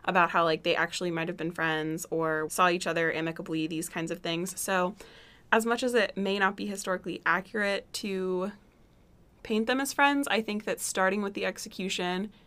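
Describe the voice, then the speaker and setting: A woman's voice: on the low side, steady tone, normal speed, fairly bright tone. A young woman co-hosting a podcast, talkative and opinionated, cracking jokes with lots of fillers. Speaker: podcast co-host. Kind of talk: casual chat.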